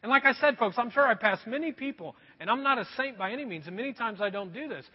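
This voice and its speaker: High-voiced husky preacher in a hall. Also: male voice, lively intonation, quick pace. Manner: earnest storytelling preacher, addresses the crowd as folks. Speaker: pastor. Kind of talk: sermon. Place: church hall. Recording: dull echoey hall recording.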